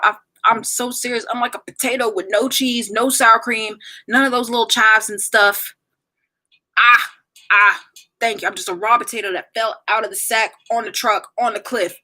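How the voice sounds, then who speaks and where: A woman's voice: medium pitch, bright, forceful tone. A woman in her twenties chatting casually on a livestream and reading viewer comments aloud.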